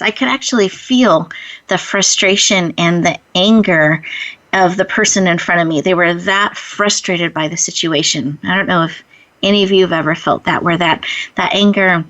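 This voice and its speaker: A woman host telling a personal story in an earnest way and then guiding listeners through a slow breathing exercise. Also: on the low side, a bit bright, rough recording. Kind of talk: inspirational talk and guided breathing.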